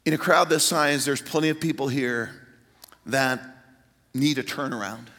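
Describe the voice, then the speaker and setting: A pastor preaching an Easter sermon to a large congregation, retelling the story with animated voices. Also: male voice, moderate pace. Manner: animated storytelling, voices quotes with rising pitch. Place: large church hall. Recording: reverberant church hall.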